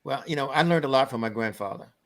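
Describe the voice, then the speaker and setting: An older man speaks as an interview guest, his voice bright and forceful in tone. He tells stories earnestly, leaning hard on his points, and his sentences ramble and restart. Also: medium pitch, animated, quick pace. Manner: earnest, emphatic, rambling storyteller. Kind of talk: conversational storytelling.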